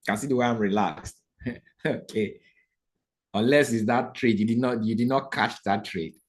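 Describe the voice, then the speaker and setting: At a moderate pace and medium pitch, this instructor walks viewers through a live trading lesson. He's animated, almost like a preacher, tossing out rhetorical questions and repeatedly checking in with his audience.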